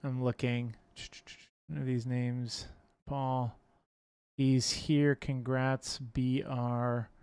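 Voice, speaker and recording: A man hosting a casual livestream giveaway, calling out winners' names loudly and joking between them. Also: medium pitch, flat delivery, extremely slow, pauses often, clean tone, no room sound.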